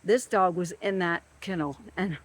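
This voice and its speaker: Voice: mid-range voice, normal speed. A government field worker ranting in a monologue, emphatic and repetitive, who keeps stressing the same words.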